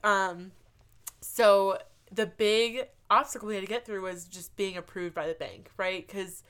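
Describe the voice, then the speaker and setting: A woman's voice: mid-range voice, measured pace, clean tone. A woman in her thirties, earnestly telling a personal story in casual chat, saying "like" often. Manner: earnest, animated storytelling with frequent "like".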